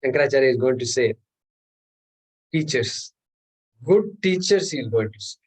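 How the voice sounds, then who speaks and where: A man's voice: mid-range voice, expressive, normal speed, slightly rough, rough recording. A man, teaching a scripture class and explaining terms patiently, repeating words and chuckling often. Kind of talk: class lecture.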